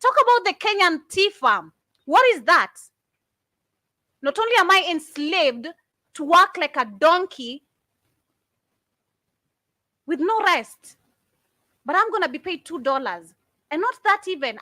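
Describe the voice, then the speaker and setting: A woman's voice: very high voice, expressive, measured pace, pauses often, sharp tone, no room sound. A woman giving impassioned commentary, fiery and indignant, firing off rhetorical questions. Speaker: commentator reacting to videos.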